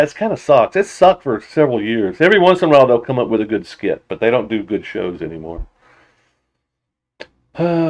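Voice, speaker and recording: A man chats loosely through a livestream, reading his viewers' comments aloud and answering them off the cuff. His sentences often stall and restart, and he breaks into laughter easily. His voice sits at an average pitch. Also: creaky, darkish tone, highs cut off. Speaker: motorcycle channel host. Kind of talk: casual livestream chat.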